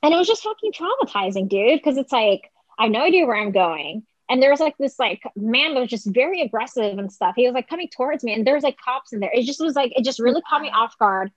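A young woman telling a personal story in casual conversation, talking fast and filling her speech with "like". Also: a little high, lively intonation, no echo. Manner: chatty, heavy use of "like", quick quoted asides. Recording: slightly dull close dry recording.

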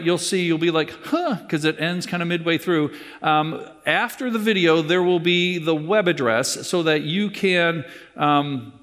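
A pastor giving a conversational sermon with wry asides, repeating key lines for emphasis. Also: male voice, a little high, fairly bright tone. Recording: long reverb from the hall.

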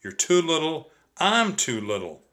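A man's voice: a little high, big pitch swings, measured pace, a bit bright, voice pushed up. A man voicing a cautious, practical young boy who speaks in a raised, urgent way. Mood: exasperated.

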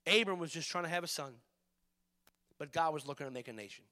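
A man preaching a sermon as pastor, passionate, swinging between loud emphatic lines and hushed ones. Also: a little high, fast.

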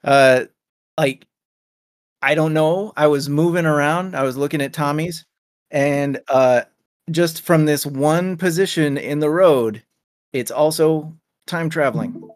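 A man in his thirties, a podcast co-host in relaxed, chatty casual talk with some swearing. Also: fairly high pitch, measured pace, dry recording, clean studio sound. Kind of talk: casual chat.

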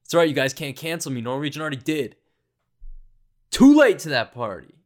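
A man's voice: a little high, very animated, brisk. A man hosting a solo comedy podcast, rambling through stories with a sarcastic, self-deprecating manner. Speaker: podcast host.

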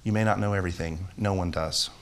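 There is slight background noise as a man with a low, steady voice talks fast. Preaching as pastor, he is earnest and emphatic, uses repeated phrases, and ends with a prayer that rises in intensity.

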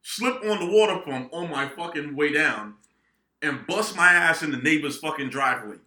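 A young man co-hosting a podcast, telling a profane, animated story among friends. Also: fairly high pitch, moderate pace. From New England, United States. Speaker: podcast co-host. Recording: echoey room.

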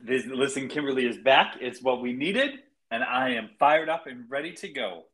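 A podcast co-host in casual chat about a TV episode, talking in a lively, animated way. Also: mid-range voice, normal speed, rough recording.

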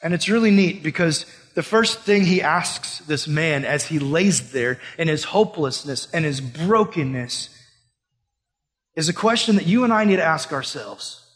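Young man preaching with a high voice. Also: lively intonation, a little slow, a bit bright. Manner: casual, conversational preaching with rhetorical questions. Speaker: pastor. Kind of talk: sermon. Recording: long hall reverb.

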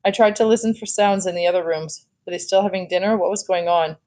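A woman teacher reading a novel aloud to her class, calm and plain with short asides. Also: fairly low pitch, fast talker.

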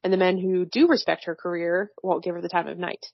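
A woman's voice: lowish voice, fairly even intonation, a little fast, vocal fry, no echo, dull audio. A woman co-hosting a casual chat, recapping a film plot in a wry, slangy way and laughing often. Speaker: podcast co-host recapping a film.

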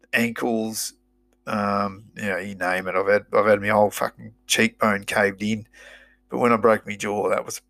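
A middle-aged Australian man with a low, gravelly voice tells his story casually. He talks in a blunt, rambling way and swears freely, like an old footy player yarning with his mates. The sound is dry and close, with no room echo. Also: pushed and bright. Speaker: former rugby player.

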